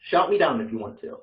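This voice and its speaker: A man's voice: fairly high pitch, recorded from a distance. Hesitant man teaching over a muffled call. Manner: hesitant, with many fillers and self-corrections. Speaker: Bible study teacher. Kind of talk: casual online class explanation.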